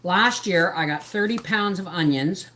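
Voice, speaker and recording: Low-voiced rambling homesteader woman. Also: measured pace, sharp tone, a little hiss or hum. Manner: rambling, jumps between topics. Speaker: homesteader livestream host. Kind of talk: casual live-stream chat.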